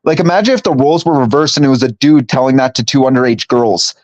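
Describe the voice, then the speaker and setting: A man's voice: medium pitch, quick pace, dry recording. Young male streamer, stuffy nose, casual and profane, dry slightly dull mic sound. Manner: casual, profane, reads chat aloud. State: stuffy from allergies. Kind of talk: casual live-stream chat.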